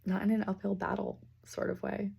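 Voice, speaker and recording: A woman giving a casual spiritual reading and leading slow breathing, talking loosely with fillers and the odd swear word. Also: mid-range voice, monotone, creaky, husky. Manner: slows down and softens into near-whispers. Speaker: intuitive reader.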